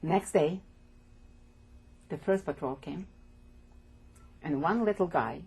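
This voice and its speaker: An older woman from Poland giving oral history testimony as an interviewee, speaking haltingly and repeating words as she goes. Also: sits low, warm tone. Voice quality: gravelly, husky.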